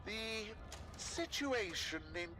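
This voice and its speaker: A measured official addressing the public in a game broadcast. His high, lively voice stays formal and reassuring. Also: over music. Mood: calm. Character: male official giving a public statement.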